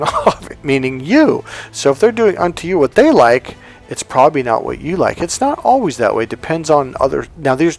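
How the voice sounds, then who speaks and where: A man's voice: mid-range voice, vocal fry. A man who works as a dating coach tells a story in a casual monologue, emphatic and repeating key words.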